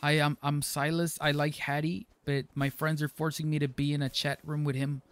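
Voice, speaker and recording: A man's voice: on the high side, little pitch movement, normal speed, no echo, natural voice. A man doing a light mocking impression of a young male chat viewer who is reluctant to be there. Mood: teasing. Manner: mocking impression read in near-normal voice.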